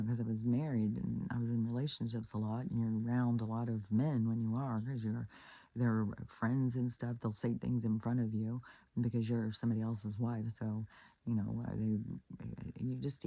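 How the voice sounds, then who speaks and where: A woman's voice: extremely low pitch, dark tone, dry recording. A woman giving relationship advice in a casual monologue, blunt and profane, retelling stories with acted-out quotes.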